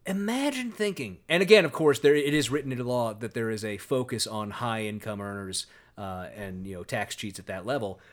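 A man's voice: mid-range voice, a little fast. A man hosting a podcast, riffing on clips with sarcastic, profane commentary. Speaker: podcast host. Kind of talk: casual political commentary chat.

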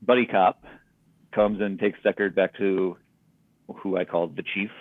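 A man co-hosting a podcast, casually recapping a movie's plot in a relaxed, storytelling way. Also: deep voice, measured pace, no room sound. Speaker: podcast co-host. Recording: dry, phone-like sound.

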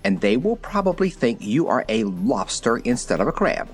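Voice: mid-range voice, sing-song, moderate pace, faint music behind, lightly acted. A reader doing a pompous talking zebra. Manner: formal, pompous, easily ruffled. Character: proud talkative male zebra from the forest.

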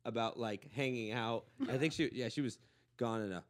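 A man's voice: mid-range voice, moderate pace. A man from Los Angeles hosting a podcast, telling a rambling, laughing story in casual chat. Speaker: podcast host.

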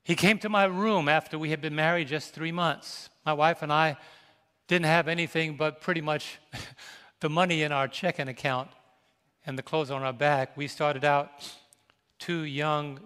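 A man's voice: a little high, steady tone, measured pace, bright, forceful tone, clear, resonant tone. An older man from New York, a pastor telling a personal, emotional story in a sermon and calling out to his congregation. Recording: reverberant large hall.

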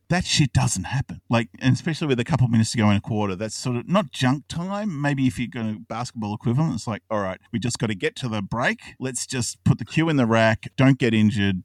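A man in his thirties with an Australian accent, an excitable podcast co-host who tells a long story, swears and laughs often. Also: lowish voice, no room sound, recorded from a distance. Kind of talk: casual chat.

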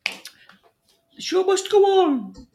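A man voicing a gossipy older woman moviegoer who talks slowly, giggles and blurts crude remarks in an improvised comedy bit. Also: very high voice, very animated, mellow, slight background noise, full character voice. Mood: chatty.

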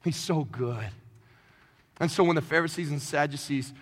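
Male pastor, lively comic sermon, high pitch, echoey hall. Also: moderate pace, slightly rough. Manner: animated, joking, rising to shouts.

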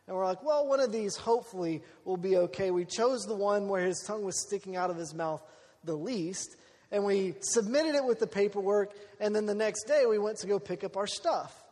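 A man telling a personal story in a sermon, acting out the people he quotes in an animated way. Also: high-pitched, normal speed. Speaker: preacher. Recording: long hall reverb.

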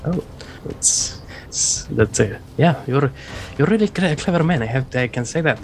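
A man's voice: medium pitch, expressive, normal speed, faint music behind. A man playing a tabletop game, hesitant and searching for the right words. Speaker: player.

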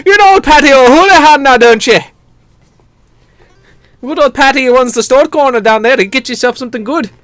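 A man's voice: very high-pitched, a little fast, long pauses, a bit bright, dry recording, clean studio sound, pitched above the performer's own voice. A man voicing a cheeky young male chimney sweep from an old-time city street, chirpy and sing-song. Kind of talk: improvised comic voice during game chat.

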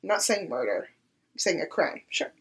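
A young woman co-hosting a podcast in casual chat, gushing and laughing often, with a husky voice. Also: fairly low pitch, sing-song, normal speed, fairly bright tone. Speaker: podcast co-host.

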